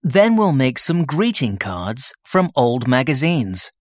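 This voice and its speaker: A man's voice: mid-range voice, very animated, slow pace, no room sound, studio quality. A man as a workshop tutor in a scripted listening-test dialogue, explaining his plans plainly. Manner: explains plans plainly, answers questions readily.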